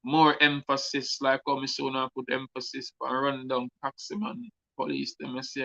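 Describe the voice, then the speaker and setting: A man's voice: mid-range voice, normal speed, gravelly, bright, forceful tone, no room sound, muffled recording. A man with a Jamaican accent, a guest artist speaking earnestly on a talk show and repeating words for emphasis.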